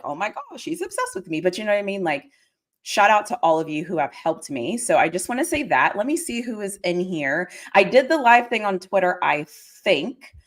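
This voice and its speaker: Chatty woman with a lively, bouncing voice. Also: lowish voice. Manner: chatty, excitable, squeals greetings to viewers. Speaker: livestream host. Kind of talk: casual livestream chat.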